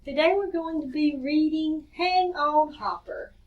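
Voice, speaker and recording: A woman reading a story aloud to children in a cheerful, expressive way. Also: high-pitched, a little slow. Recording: distant dull lo-fi recording.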